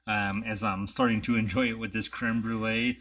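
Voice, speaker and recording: A man co-hosting a casual podcast chat, relaxed and easygoing. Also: fairly low pitch, moderate pace, muffled recording. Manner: easygoing, laughs often, relaxed. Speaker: podcast co-host.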